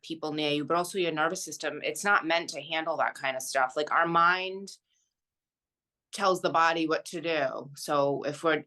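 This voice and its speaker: A woman, an intuitive reader, talking in casual chat, halting and thoughtful with many fillers. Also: low voice, bright, forceful tone.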